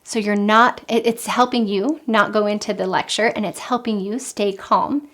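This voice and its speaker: A woman giving calm, earnest parenting advice in an instructional talk, repeating her key points. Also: mid-range voice, moderate pace. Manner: calm, earnest, with frequent repetition. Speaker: parenting coach.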